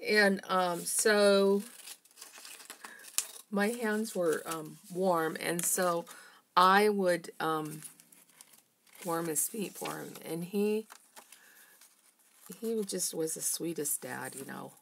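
Chatty middle-aged woman vlogger, low gravelly voice, unhurried craft chat in her studio. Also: a bit bright, a little hiss or hum. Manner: chatty, personal, greets viewers by name. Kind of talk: casual chat while crafting. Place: home art studio.

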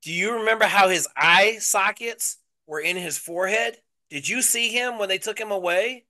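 A man hosting a casual chat, telling profane, animated stories. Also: sits high, normal speed. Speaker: host.

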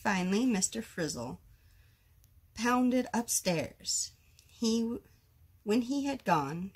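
A woman reading a children's picture book aloud, slow and expressive, giving the characters their own voices. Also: medium pitch, slightly rough. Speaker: storyteller.

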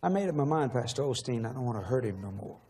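A man's voice: mid-range voice, expressive, fast, dark tone, breathy edge. A man preaching a sermon in a large church, emotional and pleading, asking the same questions again and again. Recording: long echo of a large hall.

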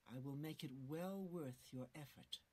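A woman's voice: sits low, unhurried, darkish tone. An actress playing a scheming female mage in a fantasy game, haughty and conspiratorial.

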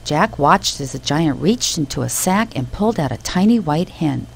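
A woman narrating a children's storybook in an expressive, animated way. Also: low voice, normal speed, creaky, a little hiss or hum, rough recording.

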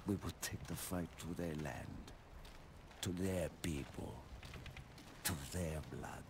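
An actor playing a grim, vengeful soldier, speaking slowly and solemnly. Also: male voice, deep voice, gravelly, exaggerated voice. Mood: brooding. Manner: slow, solemn, brooding delivery. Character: grim vengeful Russian soldier, older man. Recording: noisy battle sound behind.

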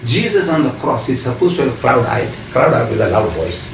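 Forceful man debating in an echoey room. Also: mid-range voice, sing-song, a little fast. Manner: forceful, lecturing, presses with repeated questions. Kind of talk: heated religious debate. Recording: echoey room, voice far from mic, faint noise.

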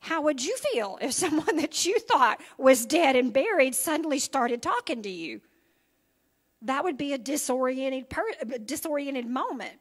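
A woman's voice: high voice, expressive, normal speed. Woman preaching, chatty check-ins. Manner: conversational preaching with frequent "okay?" and "right?" check-ins. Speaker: pastor. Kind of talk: sermon. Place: church sanctuary.

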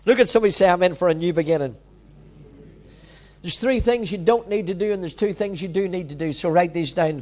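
Emphatic high-pitched pastor. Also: male voice, a little mellow. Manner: emphatic, repetitive preaching with direct exhortations. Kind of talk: sermon.

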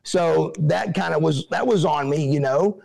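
A middle-aged man tells his stories as an interview guest, with a gravelly, slightly high voice. He is animated and acts out what others said in put-on voices. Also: a little slow. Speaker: interview guest, former pro wrestler. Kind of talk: casual storytelling.

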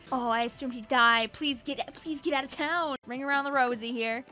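A woman hosting a gaming channel, giving excitable, joking let's-play commentary and talking to the characters on screen. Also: high-pitched, brisk, faint music behind.

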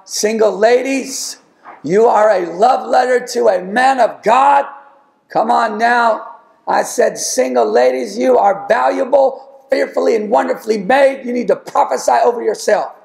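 A man's voice: high voice, vocal fry, echoey room. A man preaching a sermon as pastor, emphatic, with rising calls to the congregation. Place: church sanctuary.

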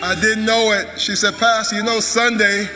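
High-voiced preaching pastor in echoey hall. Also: male voice, flat delivery, moderate pace. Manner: preaching, urging the crowd to clap. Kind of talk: sermon. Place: large church sanctuary. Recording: echoey church hall with music.

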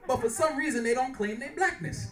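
A male stand-up comedian telling loud, animated stories on a club stage and working the crowd. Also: extremely high pitch, a little fast, background noise. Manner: loud, brash, animated storytelling with crowd work. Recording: echoey club, mic far, audience loud.

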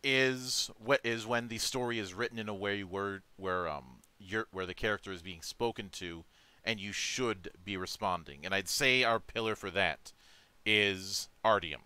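A man in casual discussion, talking haltingly and restarting often. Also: lowish voice, bright, forceful tone, smooth, no room sound. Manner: halting, frequent restarts and fillers.

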